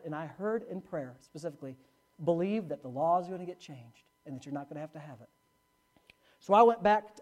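A man preaching a sermon as pastor, telling a story with wide swings from loud preaching to quiet asides. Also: high voice.

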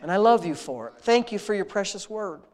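Here a prayer leader with a high, expressive, somewhat dark voice talks a little fast. He guides the congregation through spontaneous, heartfelt prayer in a close, conversational manner, repeating lines of praise.

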